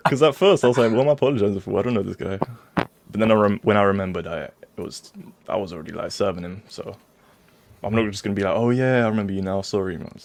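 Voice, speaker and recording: A man's voice: fairly low pitch, fast, background noise. A young man telling a story on a group video call, laid-back and laughing, using street slang. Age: young adult. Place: hot room with windows open.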